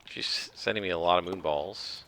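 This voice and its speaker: A man talks casually over his own gameplay with a bright, forceful tone and a slightly low voice. He explains rules at length, rambling with restarts and now and then clearing his throat. A faint hiss sits under the recording. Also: moderate pace. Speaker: gameplay commentator. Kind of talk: casual let's-play commentary.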